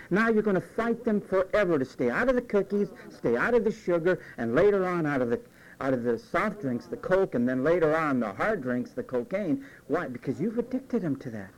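A man's voice: a little high, fairly quick, rough recording. A man preaching a conversational sermon as pastor, acting out quoted voices along the way. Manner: animated, acts out quoted voices.

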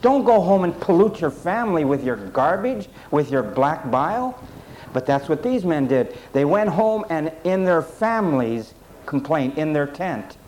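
A man's voice: on the high side, big pitch swings, a little slow, a little mellow, a little hiss or hum, rough recording. A man preaching a sermon, speaking straight to his congregation in an emphatic, repetitive style. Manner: addresses the congregation directly.

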